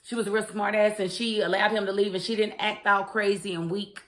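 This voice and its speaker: A woman's voice: medium pitch, steady tone, brisk, a bit bright. A young adult woman, reviewing a TV drama in a casual, opinionated way and talking straight to the characters. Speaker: TV show reviewer. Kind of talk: casual chat.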